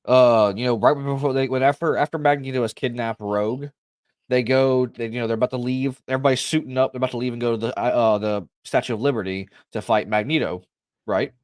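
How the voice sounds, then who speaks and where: A man's voice: mid-range voice, steady tone, fast talker, dry recording, clean studio sound. A man co-hosting a casual livestream chat, telling things in an eager, rambling way with many restarts. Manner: rambling, full of restarts and fillers, eager storyteller. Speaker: podcast co-host.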